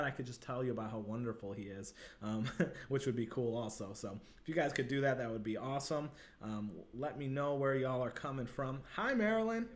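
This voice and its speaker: A man hosting a casual livestream, chatty and upbeat, talking to viewers over a webcam. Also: mid-range voice. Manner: upbeat, chatty, many fillers. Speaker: livestream host. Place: Santa Monica, Los Angeles.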